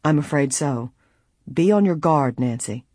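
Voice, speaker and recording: A reader voicing a troubled, measured middle-aged lawyer father in an audiobook. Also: medium pitch, expressive, warm tone, husky, no room sound, studio quality.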